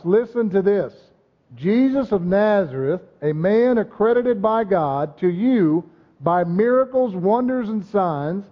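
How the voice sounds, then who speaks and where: A man preaching a sermon, emphatic, often asking the congregation "amen?" and "right?". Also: high voice. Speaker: pastor. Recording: dull muffled sound with long hall reverb.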